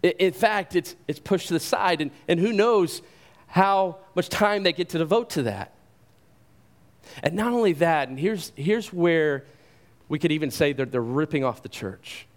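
A male pastor delivering a sermon with emphatic, rhetorical delivery. His voice sits a little higher than most men's, and he often repeats a word as he drives a point home. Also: unhurried. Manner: emphatic, rhetorical questions, repeats words when stressing.

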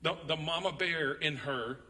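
A man preaching a sermon as pastor, reading scripture dramatically and telling stories with animated, acted-out quotes. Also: fairly high pitch, normal speed, big-room sound, far from the mic.

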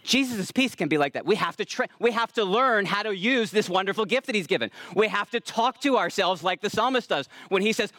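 A man preaching a sermon as pastor, earnest and emphatic, slowing down to stress key lines and calling out to the congregation. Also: high voice, expressive, no echo, studio quality. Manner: self-aware about preaching loudly.

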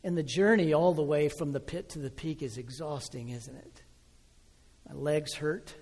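A man in his sixties preaching a sermon, telling a personal story with feeling, swelling loud and then dropping soft and slow. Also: on the high side, breathy edge, big-room sound. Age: 60s. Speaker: pastor.

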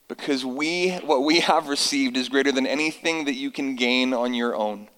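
A man, likely in his thirties, preaching a sermon to his congregation, telling family stories and reading scripture slowly for emphasis. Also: medium pitch, fairly bright tone, long reverb tail, rough recording. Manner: earnest, storytelling with slow emphatic scripture reading. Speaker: pastor.

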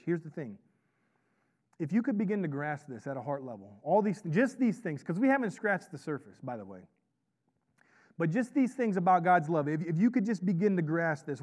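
Conversational pastor with a slightly high voice. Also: male voice. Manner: conversational, repeats "right?" to draw in the congregation. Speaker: pastor and chaplain. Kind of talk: sermon.

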